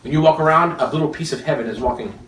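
A man preaching a sermon in an animated, joking way, laughing often as he teaches. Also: a little high, racing, background noise. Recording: echoey room, mic at a distance.

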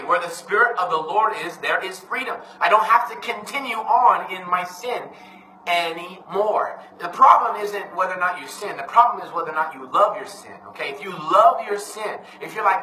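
A man's voice: high-pitched, bright, forceful tone, slight background noise. Earnest preacher man, echoey and distant. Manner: earnest, emphatic, often says "man". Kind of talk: informal sermon.

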